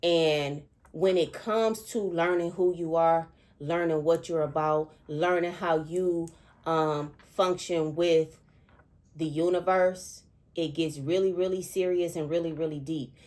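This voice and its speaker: A middle-aged woman with a slightly low voice shares a spiritual dream in a heartfelt monologue. She repeats herself for emphasis and keeps pausing to ask her listeners "okay?". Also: steady tone, a little mellow. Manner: emotional, repetitive, keeps checking in with "okay?". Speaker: spiritual seer.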